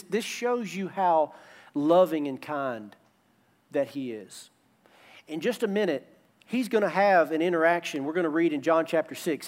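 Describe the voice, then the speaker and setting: A man preaching a sermon as pastor, emphatic and repetitive, using call-and-response with the congregation. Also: a little high.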